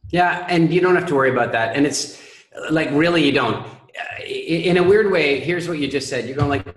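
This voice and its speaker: A man coaching a caller on a group call, explaining calmly with analogies. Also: fairly high pitch, brisk, echoey room, low-quality recording. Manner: calm explanatory, uses analogies. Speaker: speaking coach.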